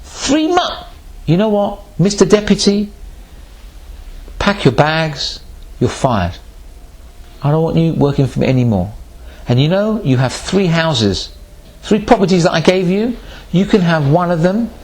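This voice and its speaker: A man's voice: on the high side, big pitch swings, measured pace, pauses often, darkish tone. A man doing an indignant duke. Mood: scolding. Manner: exasperated, scolding. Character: indignant generous male duke landlord.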